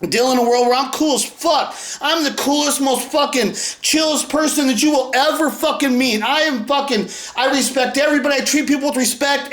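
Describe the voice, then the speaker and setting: A man delivering an angry, profane rant to his critics, swearing constantly and bursting into shouts. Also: very high-pitched, reverberant. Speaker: commentary video creator.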